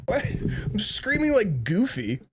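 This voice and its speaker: High, wildly swooping man streaming games. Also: huge pitch swings, a little slow, background noise. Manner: shrieks and laughs at his own blunders, swears freely; self-mocking, explains himself at length. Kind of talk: live gaming stream commentary. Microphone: streaming mic with compressor.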